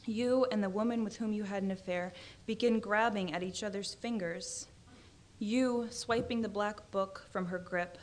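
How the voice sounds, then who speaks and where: A woman author reading her own short fiction aloud in a measured, dry narrating voice. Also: medium pitch, fairly even intonation. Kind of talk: literary reading.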